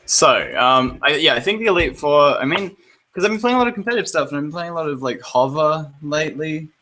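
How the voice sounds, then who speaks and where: A man co-hosting a casual gaming podcast, sarcastic and quick to swear, laughing often as he chats. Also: fairly high pitch, animated, pushed and bright, slight background noise, rough recording. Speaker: podcast co-host. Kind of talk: casual chat.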